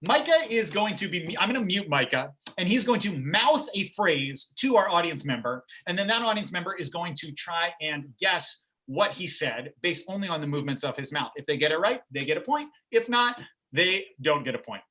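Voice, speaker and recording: Upbeat male host, high bright voice, chatty and joking on a video call. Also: expressive, moderate pace, few pauses. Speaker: game show host. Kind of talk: livestream game show hosting.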